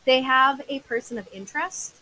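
A woman's voice: high voice, moderate pace, sharp tone, slight background noise, low-quality recording. A young woman co-hosting a true crime podcast, recounting case details casually with many filler words. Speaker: podcast co-host.

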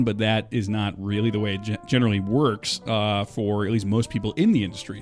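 A man's voice: fairly low pitch, a little mellow. A man hosting a podcast, talking casually in a rambling, self-deprecating and wry way. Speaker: podcast host. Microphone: studio microphone.

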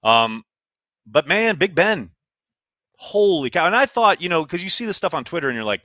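A man's voice: sits high, very animated, normal speed, bright, forceful tone, no echo. A man co-hosting a casual sports podcast, talking emphatically with frequent exclamations. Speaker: podcast co-host.

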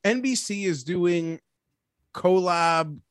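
A man's voice: high-pitched, takes it slowly, clear, resonant tone, no echo, clean studio sound. A man co-hosting a casual podcast chat, wry and a bit rambling. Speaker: podcast co-host.

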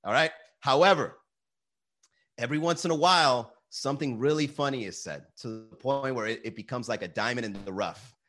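Man, comedian livestream host, animated, swears a lot. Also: medium pitch, fairly quick. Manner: animated, swears often, reads chat aloud. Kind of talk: profane casual livestream chat.

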